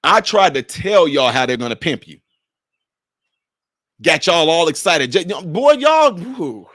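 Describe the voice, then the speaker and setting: High-voiced man preaching at his viewers. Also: big pitch swings, slow pace, fairly bright tone, dry recording, clean studio sound. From Chicago. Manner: preachy, mocking, addresses viewers directly. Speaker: political commentary vlogger. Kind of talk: heated commentary monologue.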